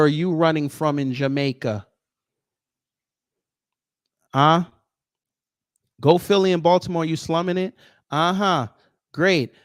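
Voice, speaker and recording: A man's voice: on the high side, no echo, studio quality. A man delivering a heated, combative commentary rant, sarcastic and taunting. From United States. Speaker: commentary host.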